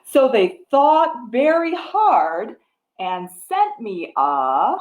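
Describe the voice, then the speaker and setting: Animated woman reading storytime, roomy echo. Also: a little high, very slow. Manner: gentle, encouraging, coaxing kids to join in. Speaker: children's librarian. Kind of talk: storytime reading for young children. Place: library room.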